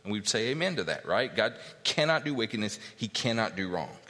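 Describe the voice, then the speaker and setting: A pastor teaching a verse-by-verse sermon, emphatic and repetitive, reading scripture aloud. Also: male voice, on the low side, sing-song, a little fast, pushed and bright. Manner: emphatic teaching, repeats key points, reads scripture aloud. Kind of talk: expository sermon. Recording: long reverb of a large hall.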